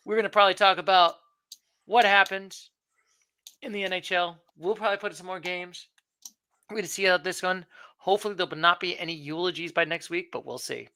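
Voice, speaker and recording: A man's voice: sits high, brisk, pushed and bright, clean tone. A man hosting a casual sports podcast, wrapping up in a playful, sleepy way. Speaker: podcast host.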